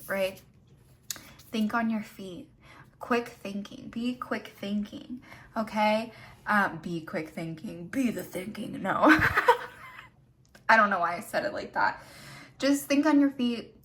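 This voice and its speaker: A woman's voice: medium pitch, a bit bright. A woman hosting a casual pick-a-card tarot reading, talking straight to her viewers while seated on camera and gushing with affection for them. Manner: gushing and effusive, addresses viewers as "my loves". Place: seated indoors, filming herself.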